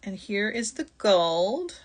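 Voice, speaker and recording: A middle-aged woman with a medium-pitched voice hosts a live shopping stream about jewelry making. She speaks slowly with big pitch swings, chatting, apologizing, and laughing often.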